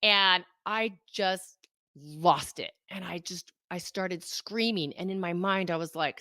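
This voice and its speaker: A woman in her thirties, a guest on an interview, telling a candid personal story with animated, self-mocking delivery. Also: lowish voice, takes it slowly, no echo, studio quality. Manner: animated, acts out her own past thoughts in quotes. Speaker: interview guest, life coach.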